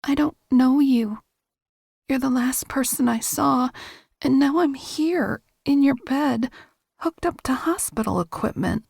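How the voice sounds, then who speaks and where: Lady doing a scared young woman, pleading, bit of fry, fairly high. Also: measured pace, darkish tone, no echo, studio quality, heavily acted. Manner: pleading, anxious, slightly raised. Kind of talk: audiobook character voice.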